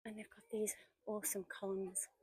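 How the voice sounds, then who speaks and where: A woman's voice: mid-range voice, flat delivery, moderate pace, dark tone, slightly rough, dry recording, poor audio. A woman in her forties who chats and tells stories while walking outdoors through woods, now and then dropping to a whisper. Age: 40s. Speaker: vlogger. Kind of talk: casual walking vlog narration. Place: outdoors in woodland.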